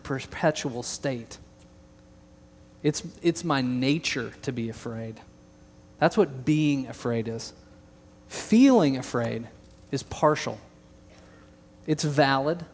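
Earnest preacher man in a reverberant hall. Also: medium pitch. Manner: earnest, emphatic, with joking asides. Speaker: pastor. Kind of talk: sermon. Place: large church hall.

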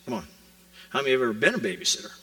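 A man's voice: medium pitch, very animated, very fast, sharp tone, far from the mic, low-quality recording. A man preaching a sermon in a conversational way, asking rhetorical questions and acting out quotes. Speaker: pastor.

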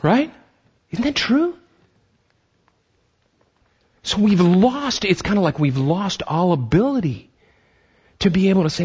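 A man preaching a sermon as pastor, animated, acting out voices and often restarting his sentences. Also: high voice, a little slow, long pauses, husky, lo-fi sound.

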